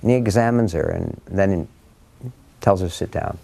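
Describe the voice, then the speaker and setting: A man's voice: sits low, moderate pace, gravelly, dark tone. An older man speaking as an author to a room of listeners, telling family stories in a rambling, wry, conversational way with frequent ums and restarts. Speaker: author giving a book talk. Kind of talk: conversational storytelling talk to an audience. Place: room with a live audience.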